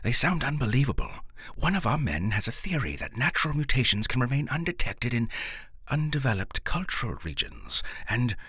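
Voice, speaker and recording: A man's voice: mid-range voice, big pitch swings, fairly quick, fairly bright tone, slightly rough, dry recording, pitched above the performer's own voice, exaggerated voice. A man voicing a solemn, pompous middle-aged male scientist who asks prying questions and stammers when flustered. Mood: insistent.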